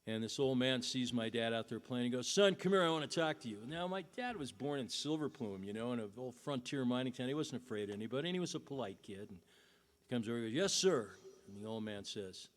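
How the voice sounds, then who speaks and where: A man's voice: medium pitch, quick pace. A middle-aged man, a singer-songwriter, telling a folksy family story between songs at a concert, chuckling now and then.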